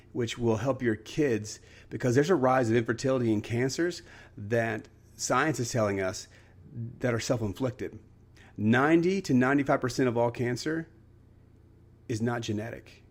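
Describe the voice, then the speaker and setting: Male podcast host, earnest storytelling, mid-pitched voice, casual motivational talk. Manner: earnest, storytelling, frequent restarts.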